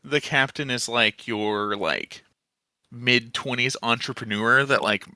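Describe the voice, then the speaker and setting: A man's voice: mid-range voice, slow, bright, forceful tone, no echo. A man running a tabletop game as game master, describing scenes casually with lots of fillers.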